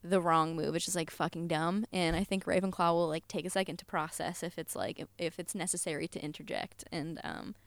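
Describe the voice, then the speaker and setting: A young woman with a low, smooth, resonant voice, talking casually as a podcast guest. She rambles with plenty of "like" fillers and easy swearing, recorded close and dry. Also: steady tone, fairly quick, hardly any pauses, no echo. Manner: chatty, full of "like" fillers, swears and laughs easily. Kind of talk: casual chat.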